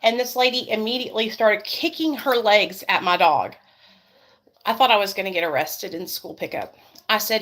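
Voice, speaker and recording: A woman with a voice that sits a little high chats to her viewers in a loose, casual way. She tells stories with plenty of energy and swears freely as she goes. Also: normal speed. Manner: chatty, profane, animated storytelling. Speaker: beauty vlogger and mother. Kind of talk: casual storytelling chat.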